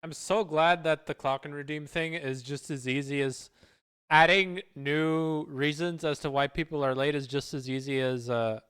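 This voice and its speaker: A man's voice: on the high side, steady tone, moderate pace, fairly bright tone, smooth. A man chatting casually on a live stream, rambling and stumbling over repeated words.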